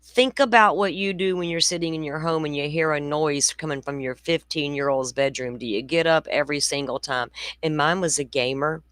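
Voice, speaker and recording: Her voice is low, a little fast and a bit bright, recorded with no room sound. This woman in her forties hosts a true crime podcast and gives casual livestream commentary in a blunt, chatty style with rambling tangents.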